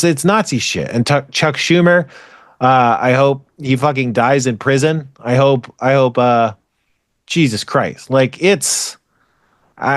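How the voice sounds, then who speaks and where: A man's voice: mid-range voice, no room sound, studio quality. A man co-hosting a podcast, ranting in a rambling, profane, exasperated way in casual chat. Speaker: podcast co-host.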